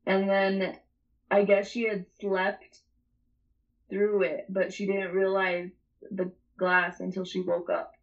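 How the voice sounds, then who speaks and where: A woman's voice: medium pitch, completely flat delivery, slow pace, muffled recording. A young adult woman telling a story in casual chat, rambling and swearing, often breaking into laughter.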